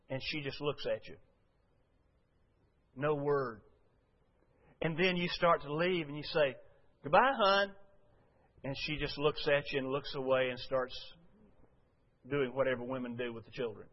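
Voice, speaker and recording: Folksy preacher man, lo-fi. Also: mid-range voice. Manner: folksy, conversational preaching with frequent "uh" and rhetorical questions. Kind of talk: sermon. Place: church before a congregation. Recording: dull lo-fi recording.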